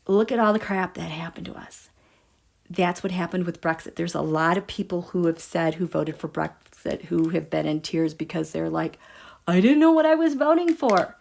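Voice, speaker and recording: A woman's voice: low voice, normal speed, vocal fry. A woman hosting a tarot and astrology livestream, chatting casually and emphatically with her viewers and reading out their comments. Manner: animated, emphatic, talks straight to her viewers.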